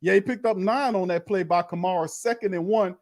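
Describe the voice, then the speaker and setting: A man hosting a fan watch party, calling plays in a slangy, animated way and talking to his chat. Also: high voice, brisk. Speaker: fan host doing live play-by-play. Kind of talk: excited watch-party commentary.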